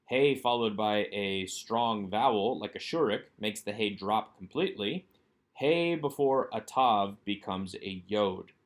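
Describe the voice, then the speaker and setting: The fairly low-voiced man leading this recorded workbook lesson is a Hebrew instructor, and he takes his time. For each item he first asks a question, then works out the answer on his own.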